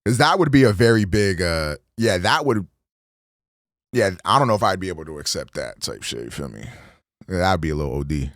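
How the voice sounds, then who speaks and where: A man reacts to a video on a livestream, talking loosely and swearing freely. His pitch leaps up and drops down as he rambles. His voice is dry and close to the mic. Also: brisk, no echo. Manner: profane, animated, rambling. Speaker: streamer host. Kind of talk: casual reaction commentary.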